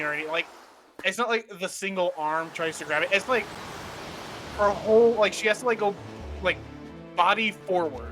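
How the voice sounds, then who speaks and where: A young man chatting casually on a gaming stream, telling animated stories with swearing and chuckles. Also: high voice, normal speed, long pauses, over music. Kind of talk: casual chat while gaming.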